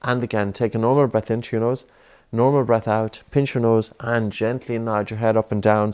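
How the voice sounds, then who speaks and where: A man coaching a child through breathing drills, with a voice that sits on the low side. He is patient and encouraging, and he keeps up a steady run of soft, repeated prompts. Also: normal speed, smooth.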